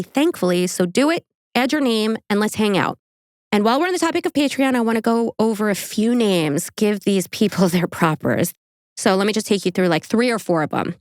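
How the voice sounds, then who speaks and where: A woman hosting a casual true crime podcast, chatty and animated, laughing often and filling her talk with "like". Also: mid-range voice, no room sound, clean studio sound. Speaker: podcast host.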